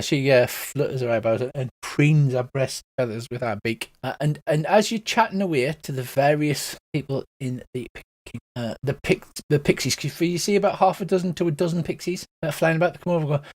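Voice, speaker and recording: A man's voice: fairly high pitch, a little fast, few pauses, darkish tone. A man running a tabletop game as game master, narrating with rambling fillers.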